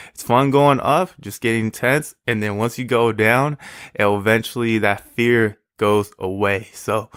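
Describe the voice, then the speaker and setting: A man's voice: on the low side, a bit bright, smooth, dry recording, studio quality. A young man hosting his own podcast, encouraging his guest and often affirming her with short replies. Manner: encouraging, many affirming "mm-hmm"s. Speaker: podcast host. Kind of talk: casual podcast interview and outro.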